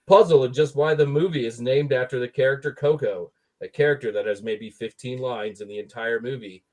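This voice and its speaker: A man's voice: mid-range voice, fairly quick, darkish tone. Sarcastic man reading a comedic movie review. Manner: sarcastic, mock-exasperated. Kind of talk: read-aloud comedic review.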